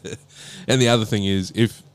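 A man's voice: fairly low pitch, fairly even intonation, normal speed, clear, resonant tone. A man with an Australian accent, co-hosting a podcast in laid-back casual chat and laughing often. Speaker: podcast co-host. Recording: podcast mic in a small room with a humming air conditioner.

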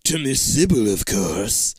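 A man's voice: mid-range voice, big pitch swings, unhurried, breathy edge, no room sound, clean studio sound. A man voicing a sinister monster limo driver with a smug, menacing drawl.

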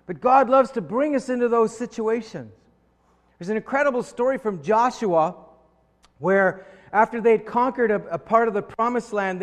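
A man preaching a sermon, telling a story and acting out quoted voices, often repeating words as he starts a thought. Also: high voice. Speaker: pastor. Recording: long hall reverb.

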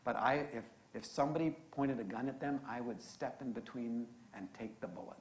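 A man preaching a sermon, telling a story in an animated, conversational way. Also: mid-range voice, brisk, slight background noise. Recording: roomy echo.

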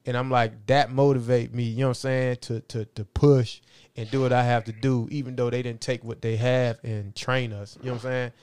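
A man's voice: medium pitch, little pitch movement, a little fast, a little mellow, clean tone, no echo. A middle-aged man telling stories from his life in a rambling, casual way, often asking "you know what I'm saying". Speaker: interview guest. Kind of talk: casual storytelling.

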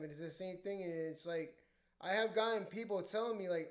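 A young man who works as a DJ, telling profane, animated stories in casual podcast chat. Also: high-pitched, brisk. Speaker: DJ and podcast co-host. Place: podcast studio.

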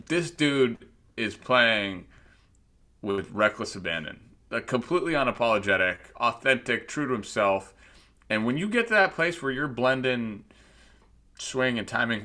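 A man co-hosts a casual podcast, loosely chatting and joking about his week and baseball with animated storytelling. His voice is mid-range and moves at a moderate pace.

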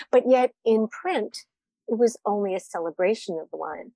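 A woman's voice: mid-range voice, animated, normal speed, gravelly, mellow, no room sound. A woman wine writer answering interview questions, candid and reflective, often laughing at herself.

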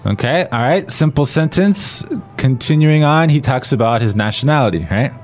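A man's voice: mid-range voice, animated, moderate pace, faint music behind. A man explaining phrases conversationally in a podcast language lesson. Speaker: language teacher.

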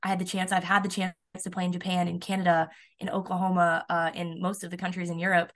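A young woman with a slightly low voice chats about her playing days as a podcast guest. She talks in an upbeat, easy way, full of little fillers and restarts. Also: flat delivery, fast talker. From United States. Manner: chatty, upbeat, many fillers. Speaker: college softball pitcher, guest. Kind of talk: casual podcast interview.

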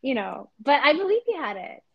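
A woman's voice: high-pitched, very animated, brisk, gravelly, highs cut off. A woman in her thirties from Canada, co-hosting a podcast in casual chat, talking with many fillers. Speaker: podcast co-host.

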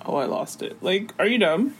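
A woman's voice: mid-range voice, animated, moderate pace, slight background noise. A woman in casual chat as a podcast co-host, reacting with laughs and short agreeing remarks.

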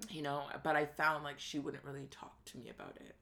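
Low-voiced woman guest, bright forceful tone, chatty storytelling, acts out quotes. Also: level tone, brisk, creaky. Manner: chatty, acts out quoted dialogue, many fillers. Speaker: podcast guest. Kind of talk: casual personal storytelling.

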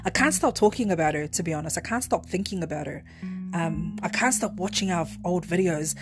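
NZ woman, podcast host, lower voice, heartfelt rambling monologue, faint guitar underneath. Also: fairly quick. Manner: rambling, heartfelt, restarts often. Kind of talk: personal memorial monologue.

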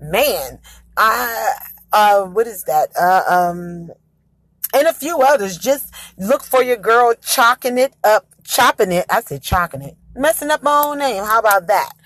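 A woman's voice: mid-range voice, lively intonation, a little slow, fairly bright tone, no echo. Chatty woman podcast host. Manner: chatty and upbeat, rambling with fillers and self-corrections. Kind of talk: casual solo podcast chat.

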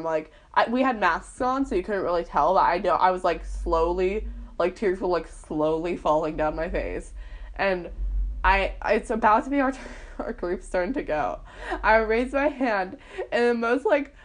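A young woman vlogger casually telling a personal story, chatty and full of fillers, laughing often. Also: mid-range voice. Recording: poorly recorded.

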